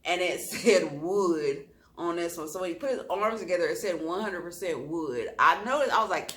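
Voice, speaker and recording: A woman vlogger telling a storytime in a lively, expressive way, laughing at her own story. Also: on the low side, normal speed.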